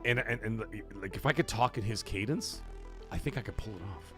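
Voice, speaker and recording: A man's voice: on the low side, fairly quick, over music. A man hosting a late-night gaming livestream, chatting loosely, swearing freely and reading out and thanking viewers from the chat. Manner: animated, profane, thanks viewers and reads chat aloud. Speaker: livestream host.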